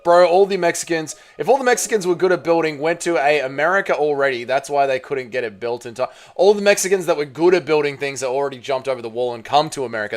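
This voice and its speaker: A man hosting a casual livestream, reading chat aloud, swearing often and excitedly thanking donors. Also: mid-range voice. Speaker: livestream host.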